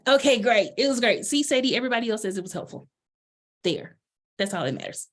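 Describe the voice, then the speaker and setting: A woman's voice: fairly high pitch, lively intonation, quick pace. A woman coach talking casually about books in a presentation, bubbly and full of fillers. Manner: chatty, bubbly, lots of fillers.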